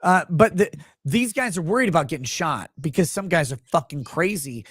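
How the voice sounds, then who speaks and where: A middle-aged male host tells a rowdy story in casual, profane chat, breaking into laughter now and then. His voice sits a bit high and swings widely in pitch. The sound is close and dry, with no room echo. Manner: animated, swearing, quick bursts, laughs while telling. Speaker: show host.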